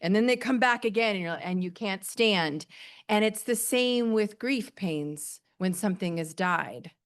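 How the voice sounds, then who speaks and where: Gentle middle-aged woman preaching. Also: mid-range voice, unhurried. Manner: gentle, plainspoken, reassuring. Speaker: pastor. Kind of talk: sermon.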